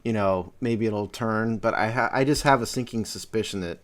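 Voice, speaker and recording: A man's voice: on the low side, normal speed. A man co-hosting a casual sports podcast, talking hesitantly with many fillers and restarts. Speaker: podcast co-host.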